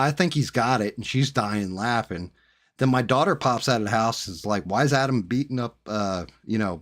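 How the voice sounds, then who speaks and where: A man hosting a stream, telling a profane, animated personal story in a casual chat. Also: lowish voice. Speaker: streamer host.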